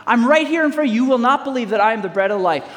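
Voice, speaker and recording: A man's voice: extremely high pitch, lively intonation, very fast, big-room sound. A man preaching a sermon as pastor, reading scripture aloud and calling on the congregation to answer back. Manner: preaching with call-and-response to the congregation.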